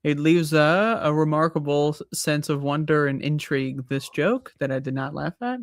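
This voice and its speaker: A man's voice: fairly high pitch, moderate pace, dry recording. Dry mock-formal man, dry mic. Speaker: podcast co-host. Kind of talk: casual chat.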